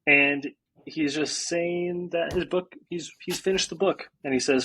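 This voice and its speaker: A man's voice: fairly high pitch, fairly even intonation, unhurried, pushed and bright, slightly rough, poor audio. A man co-hosting a book podcast, chatting casually and reading quoted passages aloud with relish. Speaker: podcast co-host. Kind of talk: casual book-club chat.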